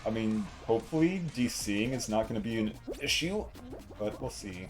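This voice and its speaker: A man streams a game and talks to his chat in a relaxed, joking way, poking fun at himself. His voice sits low but jumps around with lively pitch. Soft game music plays underneath. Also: moderate pace. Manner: playful, self-mocking chatter to chat. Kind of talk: casual live gameplay commentary.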